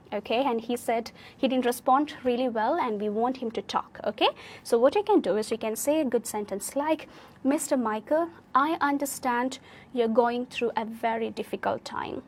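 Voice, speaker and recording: A woman's voice: a little high, moderate pace. A woman with an Indian English accent teaching a live online speaking class, encouraging and correcting students' sentences, often checking with "okay?".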